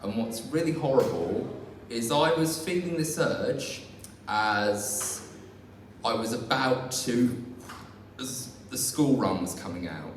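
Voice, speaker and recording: A man's voice: medium pitch, lively intonation, slow pace. Young man, rambling stand-up, heard from far off in a roomy hall. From England. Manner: rambling, self-deprecating, many fillers and restarts. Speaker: stand-up comedian. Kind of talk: live stand-up set. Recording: far-off echoey hall recording, faint noise.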